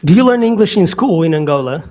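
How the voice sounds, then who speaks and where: A Brazilian man speaks English with a Portuguese accent and a slightly high voice. He chats casually on a live stream, answering viewers with lots of ums and uhs. His tone stays easygoing and talkative. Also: animated, fast, a little mellow. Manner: chatty, reading out viewer comments, frequent fillers.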